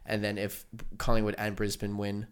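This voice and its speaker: A man's voice: fairly low pitch, monotone, moderate pace, clean tone. A young man with an Australian accent co-hosting a casual sports podcast, teasing and joking. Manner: teasing, jokey. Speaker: podcast co-host.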